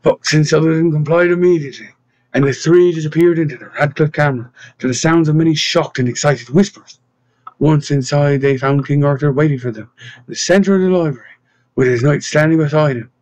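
A man narrating an audiobook in a steady reading voice, giving the characters their own voices. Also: fairly high pitch, a little fast, no echo. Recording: dull lo-fi dry sound.

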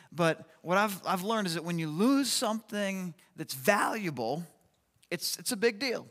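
A man preaching a sermon, telling a personal story in an animated, chatty way with lots of fillers. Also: high-pitched. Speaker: pastor. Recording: long hall reverb.

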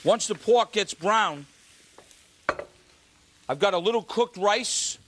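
A man's voice: high voice, lively intonation, takes it slowly, noisy background. A man hosting a live cooking show, chatting and joking with the studio audience as he demonstrates a recipe.

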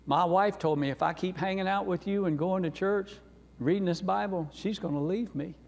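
A man's voice: sits high, normal speed, creaky, pitched above the performer's own voice. A man voicing an earnest, troubled male coworker who confides in him. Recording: reverberant church sanctuary.

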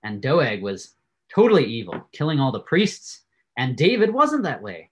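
A man giving a Bible class lecture, telling the stories in an animated way and often laughing. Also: medium pitch, normal speed, slight background noise. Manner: animated storytelling, frequent laughs.

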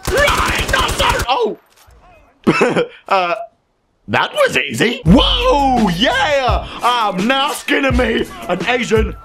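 A young man commentating his gameplay, excitable, often yelling, laughing and swearing. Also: extremely high pitch, very slow, a crowd in the background. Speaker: gaming commentator. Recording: game music behind the voice. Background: game music.

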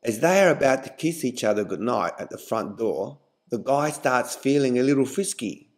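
A man narrating a scripted joke in a measured storytelling manner. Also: mid-range voice, lively intonation. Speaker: joke teller.

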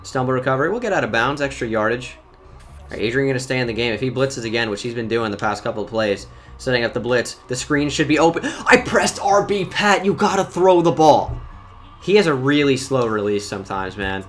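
A young man giving live commentary on his own football video game, excitable and talkative, jumping from loud outbursts to muttered complaints about his players. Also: medium pitch, fast talker, faint music behind. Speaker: gaming YouTuber.

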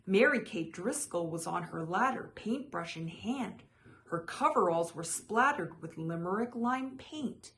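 A woman reads a children's picture book aloud, her pitch in a middle range. She phrases expressively and stretches key words slowly. A faint hiss runs under her voice. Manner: expressive, slow dramatic phrasing. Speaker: storyteller. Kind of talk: children's storybook read-aloud.

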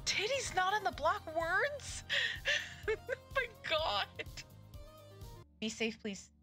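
A woman's voice is extremely high, sing-song, pushed and bright, moving at a slow pace with soft music in the background. Live-streaming a game, she chats casually, cracks crude jokes, and laughs and giggles a lot.

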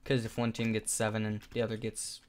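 A man's voice: lowish voice, brisk, slight background noise. Sarcastic young man narrating his gameplay. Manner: sarcastic, excitable play-by-play. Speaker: gaming YouTuber. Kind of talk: live gameplay commentary.

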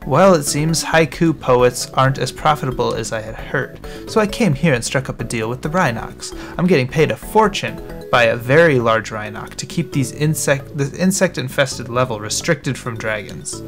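A man's voice: mid-range voice, expressive, moderate pace, music in the background, close to an everyday voice. A man reading a scheming, greedy male merchant's lines aloud from a game, in a wheedling way. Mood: sly.

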